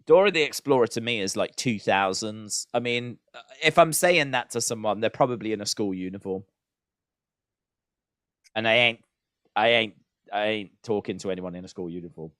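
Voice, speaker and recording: A man co-hosting a podcast in casual chat, talking in an animated, self-mocking way. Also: fairly low pitch, moderate pace, no room sound, clean studio sound. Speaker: podcast co-host.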